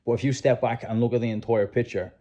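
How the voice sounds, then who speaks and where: A man's voice: mid-range voice, fairly even intonation, quick pace, dark tone, muffled recording. A man hosting a casual chat, earnestly coaching a guest on manifesting and repeating "right?" often. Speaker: host. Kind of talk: motivational advice chat.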